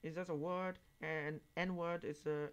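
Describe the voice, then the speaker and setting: Man, reaction host; halting, word-searching English, turns emphatic. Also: on the high side, level tone, clean tone. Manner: halting, searching for words, then emphatic and raised when quoting others. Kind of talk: casual monologue commentary.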